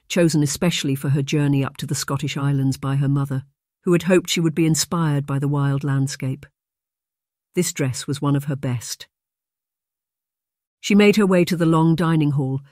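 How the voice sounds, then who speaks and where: An audiobook narrator reading a historical romance in steady, measured scripted narration. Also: medium pitch, no echo, clean studio sound.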